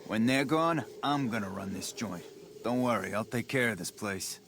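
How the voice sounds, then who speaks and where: An actor playing a blunt, tough-talking mob underling who plots to take over. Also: male voice, lowish voice, moderate pace, background noise, close to an everyday voice. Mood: confident. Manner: tough-guy, blunt, conspiratorial. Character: scheming male mob underling plotting a takeover. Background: game music.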